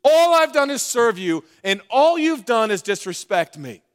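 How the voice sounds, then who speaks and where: A man's voice: extremely high pitch, sing-song, measured pace, voice pushed up, heavily acted. A man voicing an angry, resentful older brother who rants at his father. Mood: indignant. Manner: indignant ranting.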